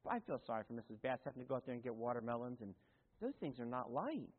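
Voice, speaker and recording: A man's voice: mid-range voice, sing-song, quick pace. A man preaching a sermon as pastor, in a folksy, conversational way with asides and self-corrections. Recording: tinny, phone-like sound in a long-echoing hall.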